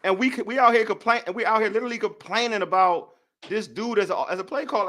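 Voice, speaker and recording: A man's voice: sits high, lively intonation, quick pace, a bit bright. A man hosting a casual sports debate show, heated and slangy as he vents his frustrations.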